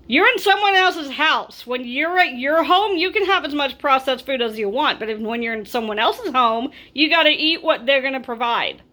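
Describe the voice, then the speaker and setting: A woman's voice: high voice, animated, moderate pace, hardly any pauses, sharp tone. A woman vlogger telling a storytime, exasperated and ranting with animation. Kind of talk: storytime vlog.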